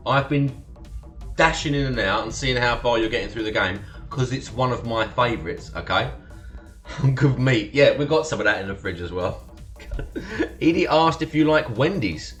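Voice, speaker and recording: His voice medium-pitched and fairly bright, a young man from Essex, England, runs a live stream in an Essex estuary accent. He chats casually, swears, laughs often and thanks his followers.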